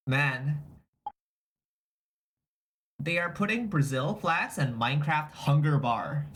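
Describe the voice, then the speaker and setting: A man's voice: on the high side, extremely slow, pauses often, a bit bright, slight background noise. A young man streaming, chatting casually, reacting to chat and repeating and restarting his phrases as he goes. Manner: reacts to chat messages aloud.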